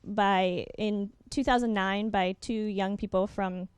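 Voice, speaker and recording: A young adult woman presents at a workshop over slides, her voice smooth and clear. She talks fast, fills pauses with ums and uhs, and restarts her sentences. The sound is dry and close, with no room echo. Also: mid-range voice, fairly even intonation. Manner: quick, with many ums and uhs, self-correcting.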